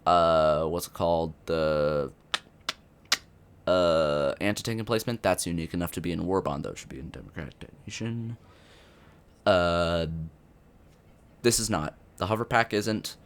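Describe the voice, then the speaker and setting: A man's voice: sits low, normal speed, long pauses, clean tone. A young man giving unscripted commentary on a video game update, rambling with many fillers and restarts. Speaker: gaming youtuber.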